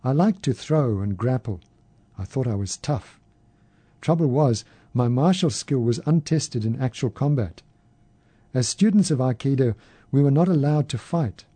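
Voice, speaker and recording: Mellow-voiced man reading a story. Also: mid-range voice, expressive, moderate pace, husky, no echo. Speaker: narrator. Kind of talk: first-person story reading.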